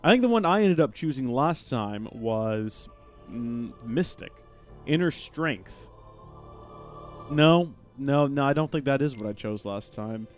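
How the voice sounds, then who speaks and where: A man's voice: medium pitch, a little slow, soft background music. A young man streaming live gameplay, chatting and thanking viewers as he plays. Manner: chatty and animated, thanking chat mid-game.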